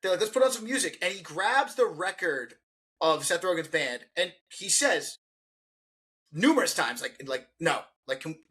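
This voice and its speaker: Bright-voiced man arguing film points. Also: sits high, sing-song, normal speed. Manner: argumentative, counts off points, laughs. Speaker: podcast co-host. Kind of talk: casual film discussion.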